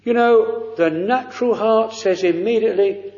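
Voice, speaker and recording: A man preaching a sermon, slow and fervent, drawing out pleading phrases. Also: high-pitched, steady tone, warm tone. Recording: dull lo-fi recording in a reverberant hall.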